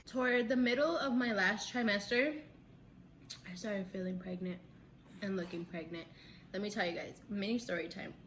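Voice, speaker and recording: A young woman vlogger telling a story in casual chat, animated, often laughing and acting out quotes. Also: moderate pace. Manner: animated, acts out quotes with big pitch jumps; laughs between lines, says "like" a lot. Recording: faint background noise.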